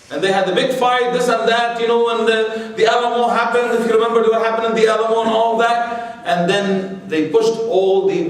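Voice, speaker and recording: A religious history lecture comes from a high-voiced Islamic lecturer addressing a live audience in a large room. He rambles conversationally, leaning on "you know" and rhetorical questions. The hall echoes strongly and the microphone is far off.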